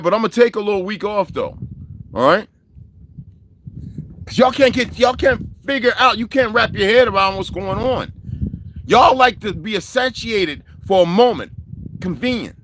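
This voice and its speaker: A man's voice: high voice, expressive, fairly quick, fairly bright tone, no echo. A man hosting a casual livestream, ranting at his viewers in a profane, confrontational way. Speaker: livestream host.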